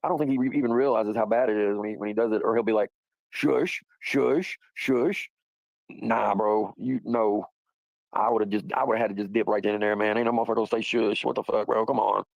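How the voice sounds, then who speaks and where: Man, livestream host, gravelly, rambling and profane, dry close mic. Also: fairly low pitch, fairly even intonation, fast, dry recording, rough recording. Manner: rambling, profane, laughs often. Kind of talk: casual livestream commentary.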